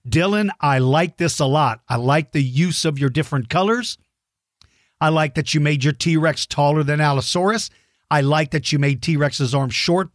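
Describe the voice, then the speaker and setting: Male kids' show host, slightly high voice, dry room sound, playful and chatty with children. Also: dry recording. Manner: playful, self-correcting, reads out viewer messages. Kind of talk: friendly educational talk to children.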